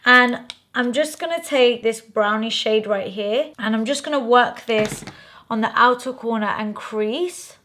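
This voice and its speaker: A woman's voice: fairly high pitch, a little slow. Chatty woman doing a makeup tutorial. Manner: chatty, animated reactions, calls viewers babe and honey. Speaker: makeup vlogger.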